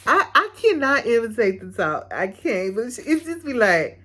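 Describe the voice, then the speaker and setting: A woman's voice: fairly high pitch, very animated, moderate pace, bright, forceful tone. A woman hosting a casual recap of a reality show, frank and chatty, often breaking into laughter.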